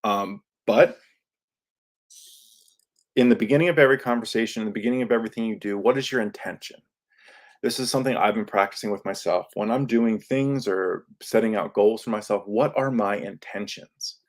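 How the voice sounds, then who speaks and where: A man hosting a podcast, talking casually in a lively monologue and acting out quoted lines in his own voice. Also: on the low side, fairly quick. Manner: animated, acts out quoted lines; self-described yelling into a microphone. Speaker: podcast host. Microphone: studio microphone.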